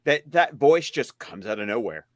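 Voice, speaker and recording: A man co-hosting a casual chat, animated and restarting his sentences in bursts. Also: medium pitch, normal speed, dry recording, clean studio sound. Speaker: stream co-host.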